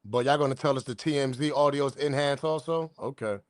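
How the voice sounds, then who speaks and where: A man's voice: mid-range voice, a little fast, dry recording, studio quality. Blunt, slangy male commentary host. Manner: animated, blunt slang, talks straight to viewers. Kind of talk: casual commentary.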